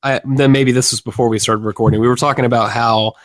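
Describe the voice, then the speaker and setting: A man's voice: medium pitch, steady tone, fast talker, dry recording. A man co-hosting a casual podcast chat, joking around and making puns. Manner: joking, punning. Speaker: podcast co-host.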